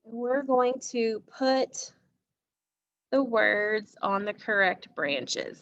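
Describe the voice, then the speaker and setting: Woman teacher, phonics lesson, slow and patient delivery, fairly high voice, dull lo-fi sound. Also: fairly bright tone. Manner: slow, patient, asks the class questions.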